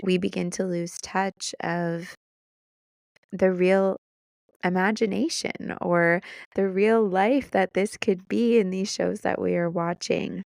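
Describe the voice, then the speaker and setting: Slow, gravelly-voiced woman podcast host. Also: mid-range voice, dry recording, studio quality. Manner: excited and emotional, laughing, fighting back tears. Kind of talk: casual solo podcast monologue.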